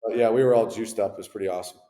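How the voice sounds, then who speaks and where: Ex-athlete guest, 30s, low voice, casual storyteller; echoey room with long reverb. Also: male voice, very fast. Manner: laid-back, animated anecdotes with slangy asides. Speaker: former hockey player, interview guest.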